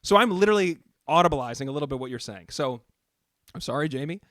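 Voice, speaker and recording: A man's voice: fairly high pitch, expressive, fairly bright tone, dry recording, clean studio sound. A man co-hosting a casual podcast, joking in an exasperated way. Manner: fast-talking, exasperated and joking. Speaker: podcast co-host. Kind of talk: casual chat.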